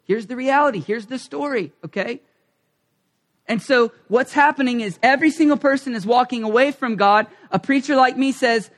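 A male preacher giving a passionate sermon, emphatic and swinging from hushed asides to loud calls, often acting out short prayers and quoted lines. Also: very high-pitched, moderate pace.

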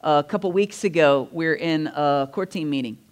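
A male pastor delivers his sermon like a chat with friends. He has a slightly high, clean, smooth voice and tells stories with lively asides and quick laughs. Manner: animated, conversational storytelling with laughs and asides. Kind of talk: sermon storytelling. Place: church.

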